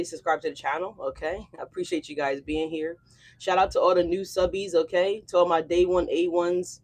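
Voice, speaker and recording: Her voice is deep and darkish as she runs a laid-back tarot reading for her channel's viewers. Slangy and chatty, she keeps checking in with "okay?" and "y'all."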